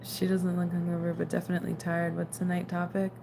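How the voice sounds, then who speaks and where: A young woman hosts a relaxed late-night livestream, chatting loosely and answering comments in a tired, low-pitched voice. A faint hum of room ambience sits under her talk. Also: fast talker, creaky. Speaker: livestream host. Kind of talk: casual livestream chat reading comments.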